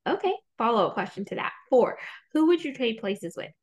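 A woman's voice: a little high, sing-song, brisk. A woman hosting a podcast interview, with an upbeat, playful quiz-show delivery. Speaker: podcast host.

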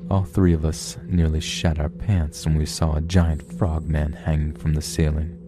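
A man narrating a horror story in a slow, grave storytelling manner, with music behind. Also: a bass voice, level tone.

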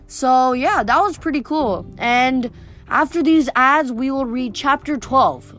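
A woman's voice: sits high, slow pace, a bit bright, soft background music. Chatty woman reading a novel aloud. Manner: chatty, full of fillers between chapters. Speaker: audiobook reader.

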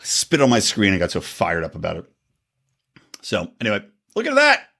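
Man host, fired-up political rant, bright husky voice, swings up and down a lot. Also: on the low side, wildly swooping pitch, a little fast. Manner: heated, indignant, swearing, rhetorical questions. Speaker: podcast host. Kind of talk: ranting political commentary.

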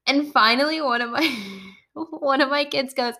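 Laughing, animated woman storyteller. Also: high voice, moderate pace. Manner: animated, laughs often while telling stories. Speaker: kindergarten teacher. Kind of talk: casual storytelling podcast.

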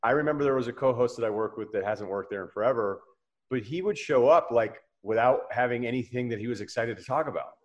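A man in his forties hosting a chat show, telling blunt stories with loud, animated bursts. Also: medium pitch, quick pace, muffled recording. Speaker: podcast host. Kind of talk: casual chat.

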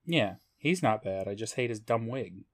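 A man's voice: fairly low pitch, expressive, normal speed. A man co-hosting a podcast, making wry complaints in casual chat and laughing at his own jokes. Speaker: podcast co-host.

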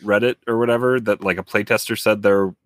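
Lower-voiced man, dry and relaxed. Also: brisk, no echo. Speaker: podcast co-host. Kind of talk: casual group chat about games.

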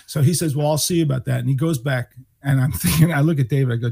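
A man in his sixties from New York, a guest musician telling animated stories and acting out the people he quotes. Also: fairly high pitch, quick pace, gravelly, hardly any pauses, breathy edge. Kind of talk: storytelling interview.

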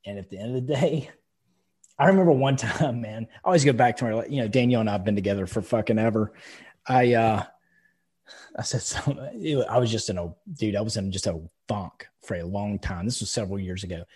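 A man's voice: fairly low pitch, fairly quick, darkish tone, husky. A man co-hosting a podcast, swearing freely and telling blunt personal stories in casual chat. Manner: blunt, profane, storytelling. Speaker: podcast co-host.

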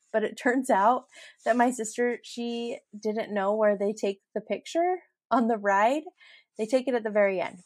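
Middle-aged woman host, casual solo podcast, laughs easily, mid pitch, dry close sound. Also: dry recording. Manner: chatty and giggly, laughs through her stories.

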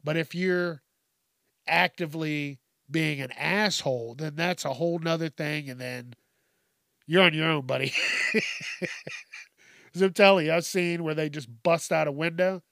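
A man's voice: fairly high pitch, measured pace, vocal fry, pauses often, fairly bright tone, dry recording, studio quality. A man hosting a podcast, delivering a profane comedic rant and laughing at his own jokes. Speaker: podcast host.

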